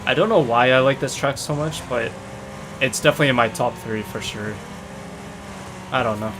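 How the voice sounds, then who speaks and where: A man giving rambling, excitable commentary while he plays a game, often saying "dude", on a desk mic near a noisy computer. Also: medium pitch, moderate pace. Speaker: gamer. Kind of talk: casual gameplay commentary. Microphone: desktop mic near a noisy computer. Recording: loud racing game sounds behind voice.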